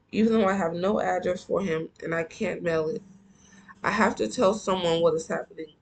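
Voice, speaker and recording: A read-aloud host reading a novel and stopping often for blunt, animated commentary. The voice has a gravelly edge. A faint hiss runs under the earphone-mic recording. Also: mid-range voice, rough recording. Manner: animated, heated asides to listeners. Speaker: book reader and commentator.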